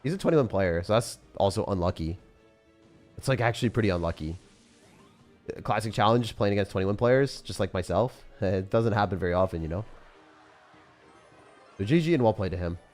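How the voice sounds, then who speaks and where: A young man streaming a game live, chatting through each play in loose, slangy banter. His voice sits a bit low, and a faint music bed plays under it. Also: animated, brisk, long pauses. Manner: loose, jokey, slangy banter with sudden shouts. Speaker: gaming streamer. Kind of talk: live gameplay commentary.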